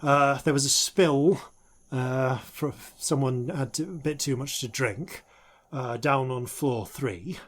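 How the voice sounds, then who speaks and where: A man's voice: mid-range voice, slow. A man voicing a chatty, flustered woman cleaner in her fifties who rambles with many hesitations. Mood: rambling.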